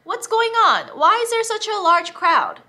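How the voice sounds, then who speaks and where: A desperate blind beggar man shouts out, pleading to be heard over a crowd, as a woman puts him on. The voice jumps high and loud above her own, with a bright, forceful ring. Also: big pitch swings, unhurried, heavily acted. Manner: calling out loudly, pleading. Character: blind male beggar crying out for help.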